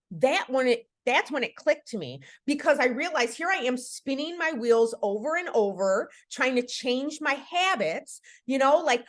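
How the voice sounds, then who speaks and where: Earnest, encouraging woman on a video call. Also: a little high. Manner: earnest, encouraging, frequent fillers like "you know" and "like". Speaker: podcast host leading a book club. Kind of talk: casual live book club chat.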